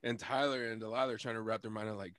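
Rambling, profane podcast host. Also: male voice, on the low side, fairly even intonation, very fast, a bit bright, no room sound, clean studio sound. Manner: profane, rambling, laughs often. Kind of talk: casual storytelling chat.

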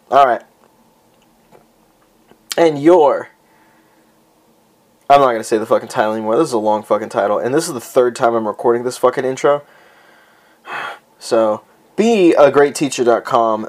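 Rambling, profane male podcast host. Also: mid-range voice. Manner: rambling, profane, joking, easily sidetracked. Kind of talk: casual solo podcast chat.

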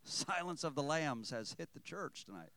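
A man's voice: fairly high pitch, animated, normal speed, vocal fry, sharp tone, dry recording. A man preaching a sermon, reading scripture aloud and calling out to his congregation. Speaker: pastor.

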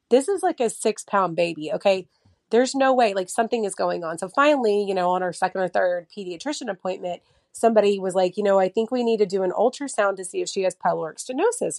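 A woman's voice: medium pitch, darkish tone, no echo, studio quality. A woman in her thirties in casual podcast chat, telling stories with many fillers and acting out what others said. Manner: chatty storyteller, many fillers, acts out quotes. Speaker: mother of a child with a heart condition.

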